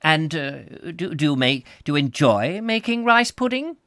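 A man's voice: fairly high pitch, big pitch swings, normal speed, fairly bright tone, no room sound, clean studio sound, pitched above the performer's own voice. A man reading aloud, voicing a fussy, probing middle-aged male doctor who keeps asking questions. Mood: inquisitive. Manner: persistent, inquisitive questioning.

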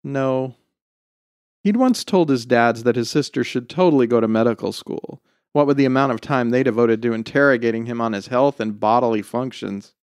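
A man narrating a short story in a measured, expressive storytelling delivery. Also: mid-range voice, dry recording, clean studio sound. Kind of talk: scripted narration.

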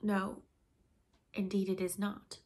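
A woman voicing a prim, earnest girl who plays mother to a household of boys, in a soft, higher voice. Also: normal speed, close to an everyday voice.

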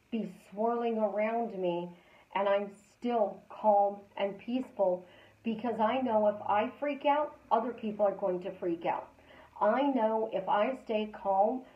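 A woman hosting a live stream as a life coach, talking casually and repeating calm affirmations in a chatty, storytelling way. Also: mid-range voice, reverberant, highs cut off.

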